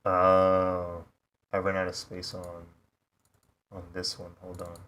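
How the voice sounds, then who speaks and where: Young male streamer, relaxed and chatty, low-ish voice, talks while he draws. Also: slow, a little hiss or hum. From United States. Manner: laid-back, laughs often, says "bro". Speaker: streaming artist. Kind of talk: casual chat while drawing on stream.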